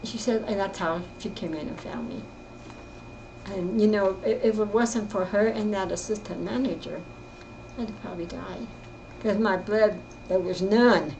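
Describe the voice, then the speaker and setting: An older woman telling her own story in casual, rambling speech, often halting and repeating herself. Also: medium pitch, noisy background. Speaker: interviewee recounting her life. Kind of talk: casual spoken reminiscence.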